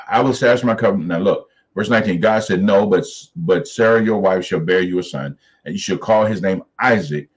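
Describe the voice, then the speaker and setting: A man with a lowish voice leads a Bible study. He reads scripture slowly and deliberately, then breaks into lively, animated commentary that jumps up in pitch. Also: poor audio.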